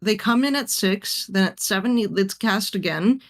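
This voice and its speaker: A woman's voice: mid-range voice, measured pace, slight background noise. A woman player in a casual tabletop game, hesitant as she thinks aloud.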